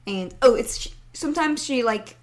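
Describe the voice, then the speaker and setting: Giggly higher-voiced woman co-host. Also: expressive. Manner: giggly, chatty, quick asides. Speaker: podcast co-host. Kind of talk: casual chat.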